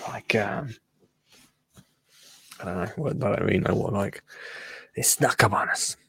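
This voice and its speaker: A man's voice: lowish voice, a little slow, creaky, fairly bright tone, husky, dry recording, whispered. A man hosting a casual livestream, chatty and laughing, often muttering to himself and trailing off while he works the computer. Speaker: livestream host. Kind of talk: casual live-stream chat.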